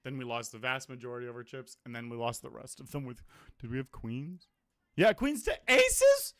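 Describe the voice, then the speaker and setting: A man streaming online poker, chatting casually about his hands and results, blunt, self-mocking and quick to swear. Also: medium pitch, level tone, a bit bright, no room sound, clean studio sound. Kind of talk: casual live-stream commentary.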